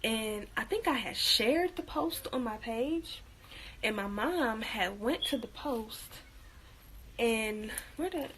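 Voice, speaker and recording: Young female vlogger, casual and chatty, lots of fillers, higher pitch, phone mic at home with faint ambience. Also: expressive, takes it slowly, a bit bright, slight background noise, low-quality recording. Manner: chatty, laughs often, many fillers. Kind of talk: casual chat.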